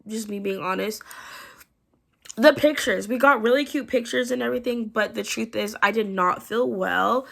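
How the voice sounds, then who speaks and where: A young woman vlogger tells a casual story-time recap with a gravelly edge of vocal fry. Her throat is sore and strained, and she sounds worn out. Still, she keeps it chatty and candid. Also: a little high, fairly bright tone. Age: 20s. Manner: chatty and candid, trailing into tired asides.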